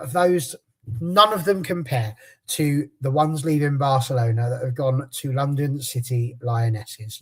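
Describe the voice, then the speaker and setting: A man hosting a casual podcast panel. He reads out a transfer rundown in a jokey, chatty way and stumbles over foreign names. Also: on the high side. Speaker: podcast host.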